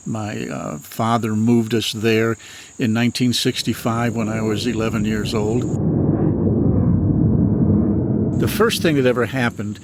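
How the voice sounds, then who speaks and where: A man in his sixties from Michigan, a retired minister telling his own experiences in an earnest, unhurried, matter-of-fact way. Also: fairly low pitch, fairly even intonation, noisy background. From Michigan, USA. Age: 60s. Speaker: retired minister and paranormal author. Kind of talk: personal storytelling in an interview.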